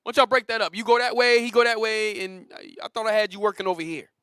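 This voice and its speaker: A man's voice: high-pitched, steady tone, fast talker, pushed and bright, clean tone, no echo, clean studio sound, voice pushed up. A man doing a nosy bossy work supervisor. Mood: suspicious. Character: suspicious male boss breaking up workers.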